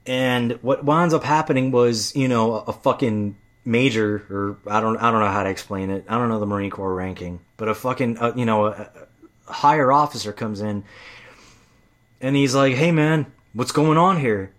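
A man's voice: mid-range voice, steady tone, normal speed, a bit bright. A man telling stories in a casual, heated monologue, swearing often and getting worked up. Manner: profane, heated storytelling.

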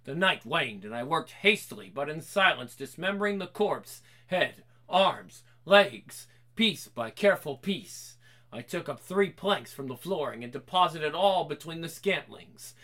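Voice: medium pitch, expressive, a little slow. Theatrical reader narrating a horror tale. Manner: theatrical, hushed then rising to frantic. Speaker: amateur reader. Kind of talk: dramatic reading of a horror comic.

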